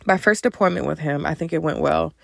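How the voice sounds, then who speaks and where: A young woman with a low, gravelly voice tells a personal story on her podcast in a chatty way, talking straight to her listeners. The sound is dry and close, with no room around it. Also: fairly quick, fairly bright tone, dry recording. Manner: chatty, addresses listeners as "you guys", gets emotional. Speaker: podcast host.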